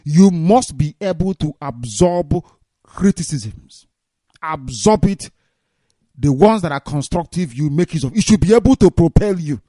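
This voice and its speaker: A man's voice: a little high, lively intonation, measured pace, dark tone, no echo, clean studio sound. A man hosting a live call-in radio broadcast, talking emphatically and repeating his points. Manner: emphatic, repetitive preaching talk. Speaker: radio show host.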